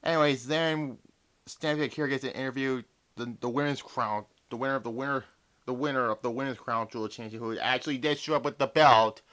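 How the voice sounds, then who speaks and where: A man's voice: mid-range voice, steady tone, quick pace, a bit bright. A young man reviewing a wrestling show in a casual, exasperated rant full of swearing. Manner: profane, exasperated ranting.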